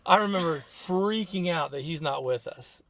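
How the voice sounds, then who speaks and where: A middle-aged man with a slightly high voice tells a family story on a podcast. He speaks casually and gets animated, acting out what each person said. The recording is dry and close-miked, with no room sound. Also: moderate pace, no room sound. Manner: animated retelling with acted-out quotes. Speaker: podcast co-host, therapist.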